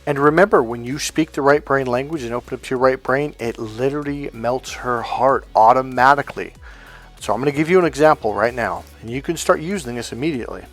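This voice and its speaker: A man's voice: mid-range voice, a little fast, faint music behind. A man giving a blunt, profane coaching monologue on dating, emphatic and acting out quoted lines.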